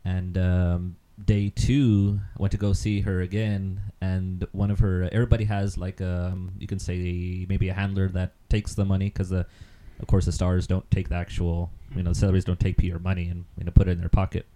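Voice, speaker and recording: A man with a low, very dark voice chats casually on a podcast. He rambles through stories, filling gaps with ums and quick laughs. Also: little pitch movement. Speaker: podcast co-host. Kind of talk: casual chat.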